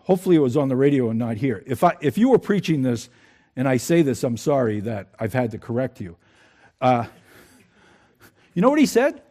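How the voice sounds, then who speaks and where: A man's voice: on the high side, darkish tone. A man preaching a sermon in a conversational way, asking his congregation questions. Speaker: pastor.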